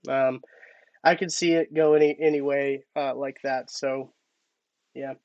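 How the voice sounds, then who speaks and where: A man's voice: medium pitch, fairly even intonation, a little slow, darkish tone, no echo, dull audio. A man hosting a casual live-stream sports talk, chatty and thinking aloud with restarts. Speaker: podcast host.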